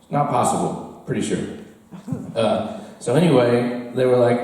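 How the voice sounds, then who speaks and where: With lively intonation and a warm, medium-pitched voice, an American man tells a rambling story at his own expense to a bar crowd at a moderate pace. He often breaks into laughter at his tale; the recording sounds distant and roomy.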